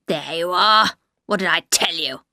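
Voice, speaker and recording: A woman voicing a sneering, spiteful middle-aged man with a lowered voice in an audiobook read. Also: lively intonation, normal speed, no echo, studio quality, close to an everyday voice.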